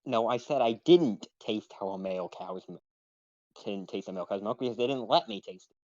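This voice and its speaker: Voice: mid-range voice, lively intonation, a little fast, a little mellow, no room sound, dull audio, natural voice. A performer voicing a naive young man who lived underground, talking in an indignant, innocent way. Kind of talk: role-play stream.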